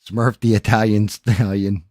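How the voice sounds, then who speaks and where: A man's voice: on the low side, level tone, a little slow, darkish tone, dry recording, studio quality. A man hosting a live stream, chatting casually and rambling to viewers with frequent profanity, into a microphone. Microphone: studio microphone.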